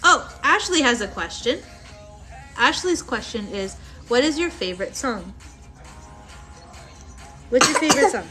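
A woman's voice: fairly high pitch, big pitch swings, unhurried, pauses often. A woman hosting a casual home livestream with her young child, chatty and playful, laughing often. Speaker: livestream host and mother. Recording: livestream with music playing behind. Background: music playing.

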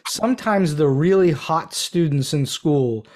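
A man's voice: a little high, a little slow, a little mellow. A man hosting a podcast interview, asking long questions in an affable way. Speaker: podcast host.

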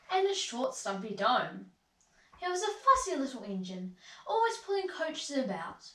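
Woman reading a kids story, sing-songy, high voice, echoey room far off mic. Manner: expressive, sing-song.

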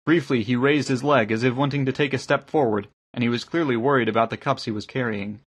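A man narrating an audiobook in a calm, measured reading. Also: medium pitch, breathy edge.

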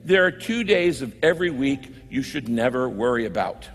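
A man preaching a sermon as pastor, emphatic and repetitive, slowing down to quote scripture. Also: mid-range voice, animated, a bit bright, long reverb tail, a little hiss or hum. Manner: emphatic, repeats key phrases, slows on scripture quotes.

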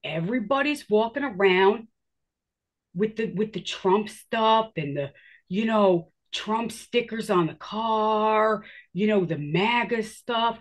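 A woman telling her own story in a casual, animated way, swearing freely and acting out her own reactions. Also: mid-range voice, slow.

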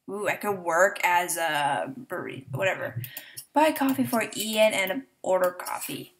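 A woman's voice: lowish voice, unhurried. A young woman giving chatty, giggly let's play commentary, talking to herself and voicing the game characters in silly tones. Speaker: gameplay commentator. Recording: faint background hiss.

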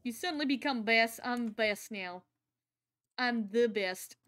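A woman streaming a video game, chatting casually and excitedly with her viewers as she plays. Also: a little high, a little slow. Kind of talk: casual live-stream chat.

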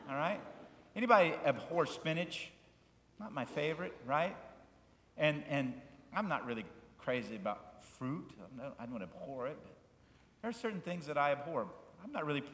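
A male pastor preaching a sermon, shifting between loud, fervent passages and quiet asides, and asking the congregation questions. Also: medium pitch. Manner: asks the congregation questions and invites them to repeat words. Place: church sanctuary. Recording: echoey church hall with long reverb.

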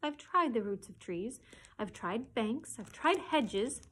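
A woman voicing a shrill, scolding pigeon. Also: expressive, slow pace, a bit bright, husky, full character voice. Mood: shrieking. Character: fretful, shrieking female pigeon guarding eggs. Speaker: children's librarian reading aloud.

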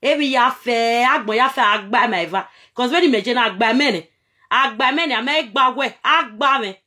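A woman's voice: fairly high pitch, brisk, sharp tone. A Nigerian woman vlogging straight to camera in a repetitive, scolding rant, switching between Pidgin and local-language phrases.

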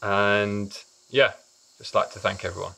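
A man's voice: lowish voice, little pitch movement, a little slow, vocal fry, bright, forceful tone, rough recording. A young man from Barbados giving casual thanks on camera and laughing easily. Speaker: training programme participant.

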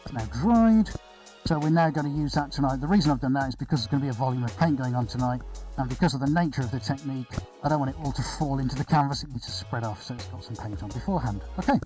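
A man's voice: medium pitch, fast, mellow, faint music behind, rough recording. A man hosting a live painting stream, talking in a chatty, upbeat and rambling way with many fillers. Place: indoor studio floor with extractor fan.

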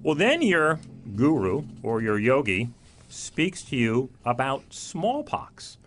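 Man hosting a calm interview. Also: medium pitch, slow pace, slight background noise. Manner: brief affirmations and guiding questions. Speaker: interview host. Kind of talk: conversational interview.

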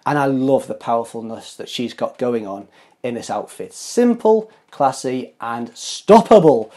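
A man's voice: mid-range voice, animated, unhurried, warm tone. A man hosting a fashion show, commenting on outfits in a gushing, playful, sing-song way.

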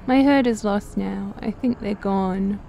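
A woman voicing a possessed young herder, haunted and hungry, pleading with slow broken pauses, low gravelly edges, a mellow dark tone, read aloud for a game playthrough. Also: slight background noise.

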